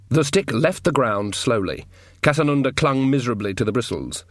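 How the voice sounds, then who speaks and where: A man giving scripted audiobook narration in an even, measured way. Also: medium pitch, dry recording.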